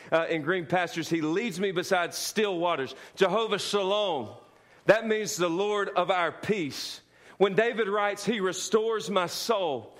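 A man's voice: high-pitched, fairly bright tone. A male pastor preaching a sermon, repeating key lines with emphasis and calling for the congregation to answer aloud. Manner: repetitive emphatic preaching with call-and-response.

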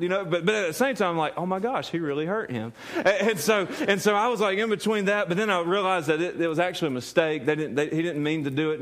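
High-voiced pastor, animated and repetitive. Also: male voice. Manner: animated, repeats words, laughs as he talks. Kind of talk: sermon.

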